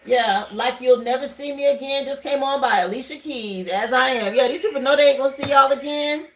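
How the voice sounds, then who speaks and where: A woman's voice: high voice, fairly quick, a bit bright, slight background noise, poor audio. A woman doing a casual live tarot reading at home, chatty, greeting viewers and thinking aloud over the cards. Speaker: tarot reader hosting a live stream. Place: home livestream setup, burning incense.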